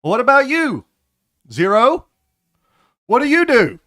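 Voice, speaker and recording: A man's voice: extremely high pitch, huge pitch swings, measured pace, sharp tone, voice pushed up, exaggerated voice. A man voicing a sleepy, lazy female half-orc bouncer in a tabletop game, with a whiny drawl.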